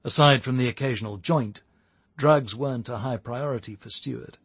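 Give me a husky male audiobook narrator, measured, recorded dry and close. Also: medium pitch, dry recording. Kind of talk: scripted narration.

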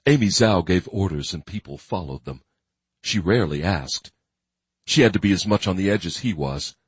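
A man giving steady, grim scripted narration of a thriller audiobook. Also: deep voice, normal speed, slightly rough, dry recording.

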